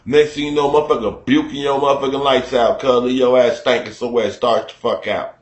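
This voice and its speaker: A man from Chicago hosting a loose, profane radio rant, animated and quick to slip into mock voices. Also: medium pitch. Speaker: radio show host. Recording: roomy studio echo.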